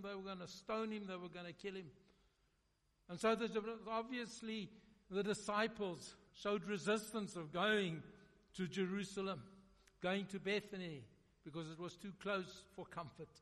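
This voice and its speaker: Man, preacher, sermon, high voice, dramatic loud-to-soft delivery, long reverb of a big hall. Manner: dramatic, swinging from loud emphasis to hushed lows.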